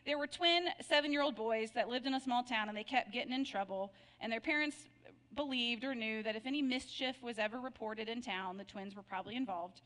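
A woman's voice: on the high side, a little fast, fairly bright tone. A woman pastor telling Bible jokes in a sermon, playful and laughing at her own punchlines. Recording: long reverb of a large hall.

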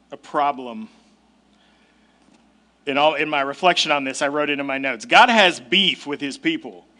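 High-voiced man preaching conversationally. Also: bright, forceful tone. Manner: conversational and emphatic, with casual asides. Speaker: pastor. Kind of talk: sermon.

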